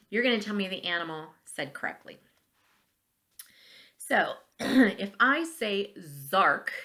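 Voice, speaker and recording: A woman in her forties teaching a phonics lesson to young children from her bedroom at home, speaking slowly and clearly and drawing out each sound to encourage them. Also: mid-range voice, bright, forceful tone. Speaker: elementary school teacher.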